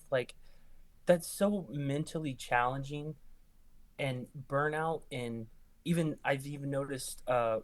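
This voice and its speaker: A young man, an ER nurse guest, telling work stories in casual conversation and acting out quoted lines with jumps in pitch. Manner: animated, acts out quoted lines with rising pitch. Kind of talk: casual storytelling.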